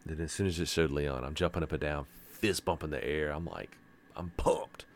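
A man with a very low voice co-hosts a laid-back gaming podcast. He tells stories with a lot of energy and slips into playful voices when he quotes other people. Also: moderate pace, a little hiss or hum. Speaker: podcast co-host. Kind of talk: casual gaming chat.

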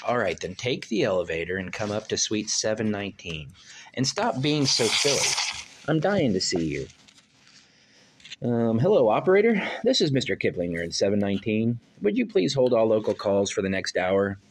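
A woman's voice: rumbling low, sing-song, normal speed, a little hiss or hum, full character voice. A woman playing an eager, effusive middle-aged male film producer in a rehearsed stage play reading. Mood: brisk. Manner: effusive, gushing. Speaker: actor in a rehearsal.

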